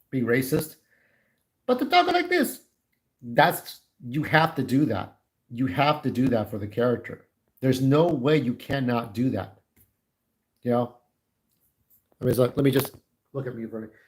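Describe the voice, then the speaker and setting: A man's voice: mid-range voice, rough recording. Guy in his 40s rambling to his livestream chat, blunt opinions, ordinary mid voice. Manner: candid, opinionated, talks straight to viewers. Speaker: YouTube livestreamer.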